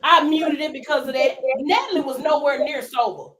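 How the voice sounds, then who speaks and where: A woman's voice: high voice, moderate pace, a loud crowd. A woman co-hosting a casual gossip commentary show, opinionated and full of rhetorical questions. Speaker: co-host.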